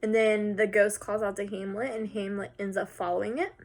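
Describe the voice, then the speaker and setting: A woman teacher talks students through a recorded lesson. She keeps it casual and chatty, with some filler words. Her voice sits at an average pitch. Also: fairly even intonation, brisk.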